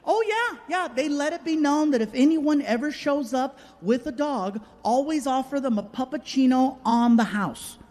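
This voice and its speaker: A man's voice: very high-pitched, lively intonation, darkish tone, voice pushed up. Man putting on a bubbly young barista girl. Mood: sweet. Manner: bubbly, singsong, drawn-out. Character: perky young woman barista, sugary and overfriendly.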